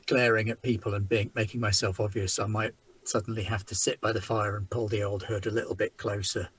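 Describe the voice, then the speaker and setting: A man's voice: fairly low pitch, flat delivery, a little fast, fairly bright tone, slight background noise. A man playing a tabletop game, wry and playful in his turns. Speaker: player.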